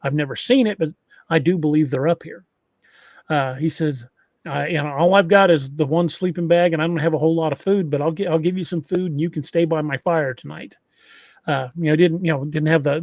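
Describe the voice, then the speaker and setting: Podcast guy spinning a creepy tale, kinda high voice, stumbles and restarts a lot. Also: fairly quick, darkish tone, dry recording, clean studio sound. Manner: retells an encounter story with many restarts. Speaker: podcast host. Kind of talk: casual storytelling.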